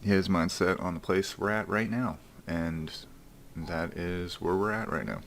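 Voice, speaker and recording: A man in a played video, recounting a friend leaving him in a halting, hurt way. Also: low-pitched, a bit bright, slight background noise. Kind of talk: personal account in a played video.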